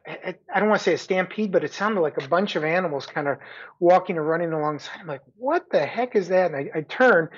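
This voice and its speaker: A middle-aged man, a guest, telling a long story in a relaxed chat with frequent restarts. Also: a little high. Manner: chatty, many restarts and laughing asides. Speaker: guest runner. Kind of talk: casual storytelling. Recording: dull lo-fi sound.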